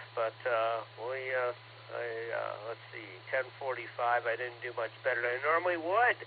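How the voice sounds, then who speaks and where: A man checking into an amateur radio net, chatting in a rambling, self-deprecating way over the air. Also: on the high side. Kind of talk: casual radio chat. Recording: tinny radio transmission with faint noise.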